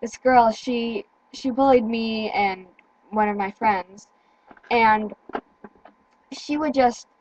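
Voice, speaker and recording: A teenage girl in casual chat, speaking earnestly with halting restarts and repeated words. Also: fairly high pitch, a little mellow, dull audio. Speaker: teen vlogger.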